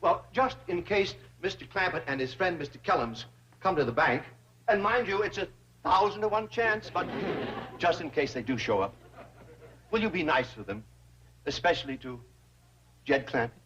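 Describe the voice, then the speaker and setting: An actor playing a fussy, greedy older banker who talks in a pompous, flowery, wheedling way. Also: male voice, fairly high pitch, animated, moderate pace, bright, forceful tone, slight background noise. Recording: dull old TV soundtrack.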